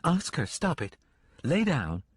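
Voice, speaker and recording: A man voicing a frightened, tearful frontier woman, raising his pitch and pleading. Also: wildly swooping pitch, slow pace, slightly rough, no room sound, clean studio sound, exaggerated voice.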